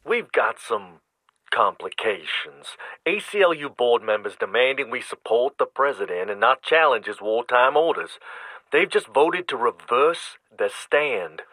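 A man playing a formal, measured official. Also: medium pitch, expressive, pushed and bright, no echo, poor audio. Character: formal middle-aged male civil liberties official.

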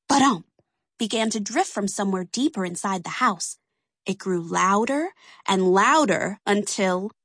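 A woman reading a children's storybook aloud in an animated, playful way. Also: a little high, husky, no room sound, clean studio sound. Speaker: narrator. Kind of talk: scripted storybook narration.

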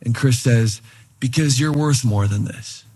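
A man delivers a sermon in an easygoing, conversational style. His voice is a little husky, at an ordinary middle pitch. He retells a personal story, slipping into quoted voices as he goes. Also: unhurried, warm tone. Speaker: pastor.

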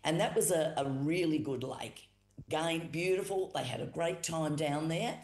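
A woman with an Australian accent telling a traditional creation story as a storyteller, unhurried and repetitive, with fillers. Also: sits low, darkish tone. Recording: roomy echo.

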